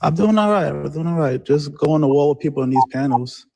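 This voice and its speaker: A man's voice: fairly high pitch, lively intonation, fairly quick, creaky, noisy background. Rambling man calling in to a show. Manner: rambling, many fillers like 'like' and 'um'. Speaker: caller. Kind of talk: casual phone-in chat.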